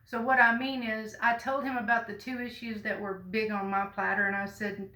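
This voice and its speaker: A woman, telling a personal story to the camera in a folksy, earnest way with bursts of loud emphasis. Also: a little high, flat delivery, normal speed, roomy sound, low-quality recording. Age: 50s. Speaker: vlogger.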